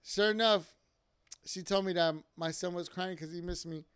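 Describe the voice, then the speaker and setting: A young man tells his church testimony in a casual, rambling way, full of fillers and asides. His voice sits high and sounds smooth and clear. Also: steady tone, normal speed, a bit bright. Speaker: church member giving testimony.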